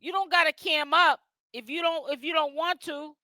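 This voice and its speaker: Boston-raised male streamer, bright forceful tone, talks straight to the chat. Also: extremely high pitch, fairly even intonation, moderate pace, dry recording. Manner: chatty, addresses chat and guests directly. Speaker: livestream host. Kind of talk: casual livestream chat.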